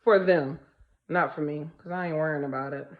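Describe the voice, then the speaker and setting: Heard through narrow, tinny audio, a low-voiced woman speaking at a moderate pace shares a casual monologue as a spiritual vlogger. Her style is blunt and emphatic, full of swearing and repeated phrases for stress.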